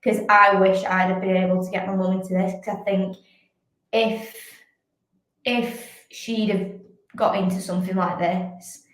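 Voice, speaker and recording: A woman's voice: mid-range voice, fairly bright tone. A young woman, a fitness coach, talking candidly in a casual chat and filling her speech with "like". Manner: chatty, fills speech with "like". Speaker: podcast guest, fitness coach and athlete. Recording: very echoey room.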